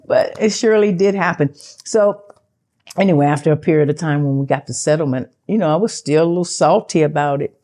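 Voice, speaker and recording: An older woman, an actress, telling a story in a sit-down interview in a chatty, animated way and acting out the dialogue. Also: brisk. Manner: animated, acts out quoted dialogue with big pitch jumps; chatty, loose, with fillers and self-interruptions.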